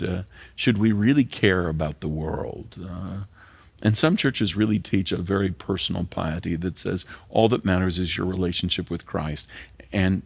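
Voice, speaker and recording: A middle-aged man, a pastor, preaching a sermon in an earnest way and sometimes dropping to a hushed near-whisper. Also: deep voice, vocal fry, husky, no room sound.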